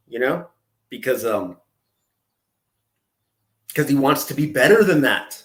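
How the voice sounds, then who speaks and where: Sarcastic guy doing reaction commentary, slow and sing-songy, echoey room. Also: mid-range voice, animated. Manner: sarcastic, drawn-out, taunting. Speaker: commentary host.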